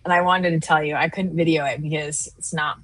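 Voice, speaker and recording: A woman in her thirties co-hosting a live trading stream, chatting casually and telling a lively story with animated quoted voices. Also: sits low, a little fast, no echo, soft background music. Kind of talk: casual chat.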